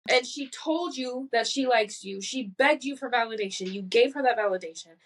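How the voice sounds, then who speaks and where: A woman's voice: a little high, normal speed. A woman co-hosting a podcast in casual chat, reading posts aloud and reacting bluntly with incredulous, profane remarks. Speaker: podcast co-host.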